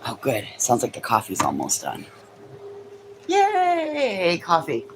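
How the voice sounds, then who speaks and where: A woman's voice: extremely low pitch, lively intonation, brisk, gravelly, noisy background. A woman hosting a casual livestream from home, teasing her chat with sarcastic remarks. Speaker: livestream host. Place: home near a kitchen.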